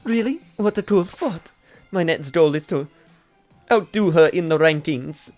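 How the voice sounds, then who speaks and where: A man's voice: fairly high pitch, a little slow, a little mellow, soft background music, voice pushed up, close to an everyday voice. A man voicing a cheerful, polite young woman who works as a club hostess, reading game dialogue aloud. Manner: sweet and polite.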